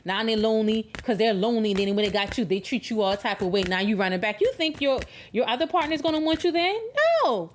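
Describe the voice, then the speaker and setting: A woman's voice: a little high, quick pace, hardly any pauses, slight background noise. A woman giving a tarot love reading in an emphatic, preachy way, repeating words for stress. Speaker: tarot reader.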